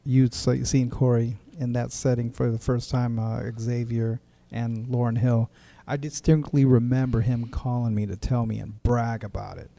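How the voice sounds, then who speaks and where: A man's voice: medium pitch, flat delivery, moderate pace, gravelly, hardly any pauses, mellow. A man co-hosting a casual podcast, speaking hesitantly with restarts.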